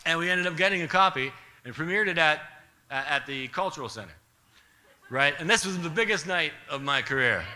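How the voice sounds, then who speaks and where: Man, live comic storytelling, wry and animated, rather high voice, very bright sharp tone. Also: fairly quick, a little hiss or hum. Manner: animated, wry, chuckles through his punchlines.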